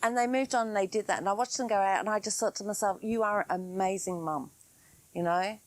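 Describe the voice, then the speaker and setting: A woman's voice: mid-range voice, fast, no echo. A woman in middle age tells a personal story as a podcast host, earnest and conversational, filling gaps with ums and you-knows. Her voice sits in a middle register. The recording is dry and close, with no room sound. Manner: earnest, conversational, frequent fillers. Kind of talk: storytelling monologue.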